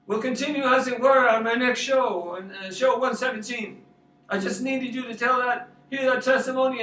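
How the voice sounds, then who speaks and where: A man's voice: very high-pitched, sharp tone, echoey room, far from the mic, rough recording. A man from Long Island, a pastor rambling through a personal testimony and repeating his words. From Long Island, New York. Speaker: street pastor. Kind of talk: storytelling testimony.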